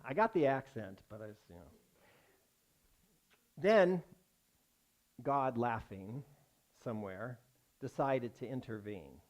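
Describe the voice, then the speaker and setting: A man, a rabbi, giving a sermon as a wry, self-mocking personal story, pausing for the congregation's laughs. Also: mid-range voice. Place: synagogue sanctuary with a congregation.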